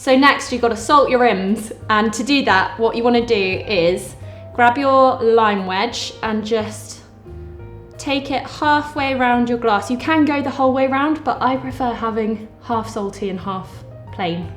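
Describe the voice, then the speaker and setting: A woman's voice: fairly high pitch, a little slow, reverberant, soft background music. Chatty woman demonstrating a cocktail recipe. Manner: chatty, jokey, explaining step by step. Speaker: vlogger. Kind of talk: casual cooking demo.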